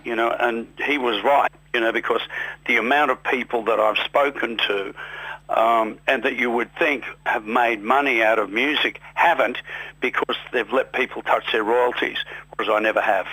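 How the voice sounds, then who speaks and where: A man's voice: medium pitch, normal speed, husky, no room sound, rough recording. An Australian man in his sixties, a musician guest telling rambling, self-deprecating stories in a radio interview. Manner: rambling, self-deprecating, animated when quoting others. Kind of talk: relaxed storytelling in a radio interview.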